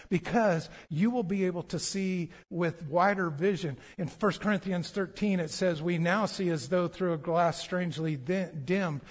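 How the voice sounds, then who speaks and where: High-voiced preacher in a reverberant hall. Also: male voice, normal speed, hardly any pauses. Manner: animated storytelling, acts out voices. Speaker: pastor. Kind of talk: sermon.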